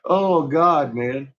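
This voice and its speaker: Giggly, bright-voiced storytelling dad. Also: male voice, fairly high pitch. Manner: laughs constantly, swears freely. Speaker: father telling stories. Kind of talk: casual storytelling chat. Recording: dull lo-fi recording.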